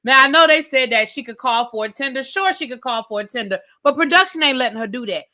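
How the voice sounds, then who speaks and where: A woman with a high, bright voice rants sassily through a reality TV recap. She talks straight to her viewers in a loose, conversational style. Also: animated, fast talker. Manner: sassy, conversational, addresses viewers as y'all. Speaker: TV recap host. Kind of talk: animated reality TV rant.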